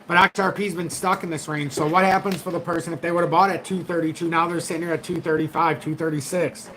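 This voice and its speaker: A man's voice: high voice, a bit bright, slight background noise, poor audio. A middle-aged man hosting a crypto trading channel, giving blunt, profane, frank market commentary straight to his viewers.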